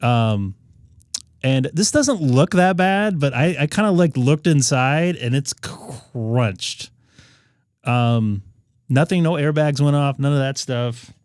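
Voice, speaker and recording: A man hosting a casual live stream, his voice sitting at an ordinary middle pitch. He rambles along with plenty of fillers and restarts. The sound is dry, with no room echo. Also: expressive, takes it slowly, a little mellow. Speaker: ham radio live-stream host.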